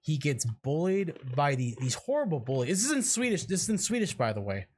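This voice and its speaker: A man co-hosting a casual horror podcast, excitable, swearing freely and trailing off into fillers. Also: fairly high pitch, brisk, breathy edge. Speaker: podcast co-host. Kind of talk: casual chat.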